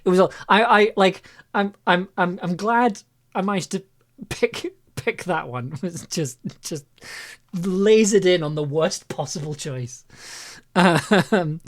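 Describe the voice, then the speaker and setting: Lower-voiced woman chatting on a live stream. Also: takes it slowly. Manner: rambling, laughs often, self-mocking. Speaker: live streamer and audio producer. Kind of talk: casual live-stream chat.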